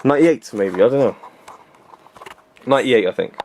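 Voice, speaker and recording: A man's voice: medium pitch, normal speed, a little mellow, slight background noise. A young man reviewing a film in a rambling, self-deprecating casual chat with lots of fillers.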